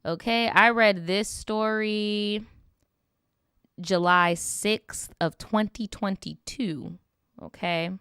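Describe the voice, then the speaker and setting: A woman's voice: mid-range voice, slow pace, fairly bright tone, smooth, dry recording, studio quality. A young woman hosting a casual storytime stream, reading viewer updates and reacting with slangy, sarcastic commentary.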